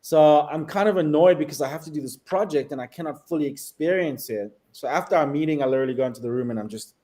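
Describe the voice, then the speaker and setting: A man from South Africa, a guest on a travel talk show, telling animated stories and laughing often. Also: on the high side, fast, poor audio. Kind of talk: casual travel chat.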